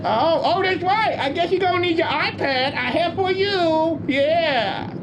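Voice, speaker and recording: A woman's voice: extremely high pitch, measured pace, highs cut off. A woman playing a fawning sly spy staffer. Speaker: sketch character. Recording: noisy recorded sketch.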